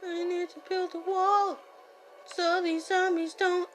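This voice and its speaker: A woman voicing a brash, hot-tempered young gang-boss man in a listener role-play while gaming, scolding and yelling. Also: very high-pitched, flat delivery, takes it slowly. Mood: annoyed gaming. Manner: loud, scolding, easily startled, playful yelling. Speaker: fan voice actor.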